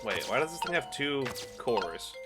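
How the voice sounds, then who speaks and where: A man's voice: medium pitch, sing-song, moderate pace. A man streaming a puzzle game live, reading items aloud in an offhand way and swearing now and then. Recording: game music underneath.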